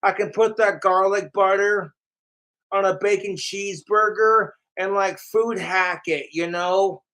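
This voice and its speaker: A man's voice: high voice, fairly even intonation, a little slow, bright, forceful tone, poor audio. A man ranting casually to camera, profane and mocking about his trolls. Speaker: vlogger.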